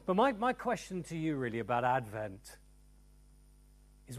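A man preaching a sermon to a church congregation, emphatic and animated, moving from loud cries to hushed tones. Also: medium pitch, normal speed. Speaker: pastor. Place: church service before a congregation.

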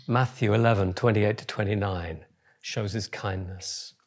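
Husky-voiced man preaching with big swings. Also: on the low side, normal speed. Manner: lively preaching, swings from soft to loud. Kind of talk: sermon.

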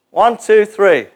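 High-voiced animated male preacher. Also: heavy background noise. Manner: animated, joking, leads the congregation in call-and-response. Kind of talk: sermon. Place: church gathering before a congregation.

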